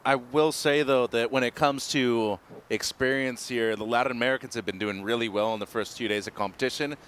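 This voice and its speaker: Relaxed man giving surf analysis. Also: mid-range voice, fairly quick, slight background noise. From Mexico. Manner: relaxed, explanatory, friendly. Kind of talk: live sports commentary.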